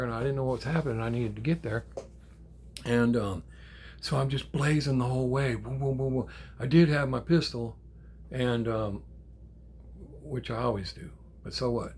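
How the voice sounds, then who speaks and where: An older man, a grandfather, telling a story in a casual, animated way, with swearing and acted-out quotes. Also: mid-range voice, a little hiss or hum. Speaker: channel host.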